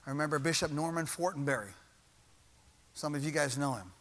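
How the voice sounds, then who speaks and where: Man, pastor, church sermon, repeated refrains, high bright voice. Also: lively intonation, fairly quick. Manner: preaching with rising intensity and repeated refrains.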